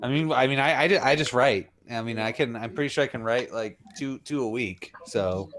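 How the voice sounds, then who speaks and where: A man of middling pitch chatting casually as a comic writer. He rambles, restarts his sentences and swears freely. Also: fairly quick, fairly bright tone. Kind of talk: casual chat.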